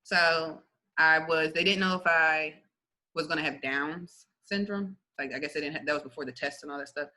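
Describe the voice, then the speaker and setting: Young woman guest, lively chatty testimony, super bright forceful voice. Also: deep voice, moderate pace, rough recording. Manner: lively, chatty, laughs often, many fillers. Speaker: guest sharing her testimony. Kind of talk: casual faith testimony interview.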